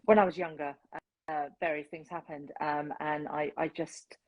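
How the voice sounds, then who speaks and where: A woman hosting an interview, talking in an earnest, open and reflective way with many pauses and ums. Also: low voice, fairly even intonation, no room sound, lo-fi sound. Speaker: host. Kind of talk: casual interview chat.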